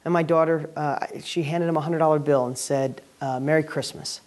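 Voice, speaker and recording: A man's voice: fairly high pitch, steady tone, moderate pace. Guy doing an upbeat motivational talk to camera, real estate coach, punchy and emphatic. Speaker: real estate educator hosting a weekly video.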